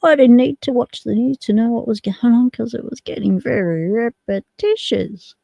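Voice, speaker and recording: A woman's voice: fairly high pitch, fairly quick, vocal fry, mellow, husky, dry recording. A woman with an Australian accent, hosting a casual livestream chat in a rambling, jokey way. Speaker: livestream host.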